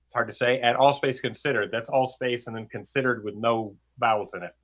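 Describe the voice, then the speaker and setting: A man's voice: medium pitch, fairly even intonation, a little fast, a bit bright. A man, a regular on the show, explaining the music game from his home studio over a video call, out of breath and joking dryly. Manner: dry, playful humor. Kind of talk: casual live-stream presentation.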